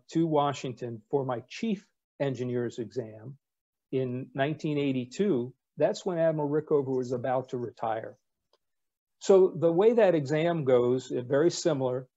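A man in his sixties, a retired navy captain, spins wry anecdotes at an easy pace, dropping in casual fillers as he goes. His voice is warm and mellow, sitting at an ordinary middle pitch. The recording sounds a little dull and lo-fi. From United States. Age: 60s. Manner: wry, relaxed storyteller with fillers. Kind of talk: anecdotal storytelling talk.

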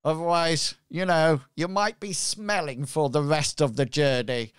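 A man's voice: a little high, fairly even intonation, a little slow, clear, resonant tone, dry recording, clean studio sound, close to an everyday voice. A man voicing a boisterous female pirate captain, with a pirate voice that slides into a rustic farmer drawl. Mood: hearty, teasing.

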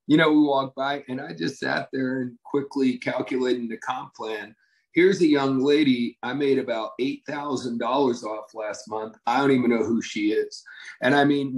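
A man's voice: medium pitch, rough recording. A man leading a company, giving an enthusiastic, conversational motivational talk to his team.

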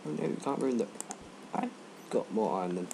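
A teenage boy rambling and joking through gaming commentary, breaking into sudden loud yelps. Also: medium pitch, lively intonation, a little fast, creaky, noisy background. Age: teens. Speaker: let's play gamer.

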